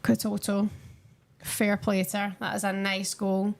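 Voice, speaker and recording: A woman's voice: medium pitch, completely flat delivery, a little slow, creaky. A young woman chatting casually with her viewers on a live stream while she watches a football match and answers their comments.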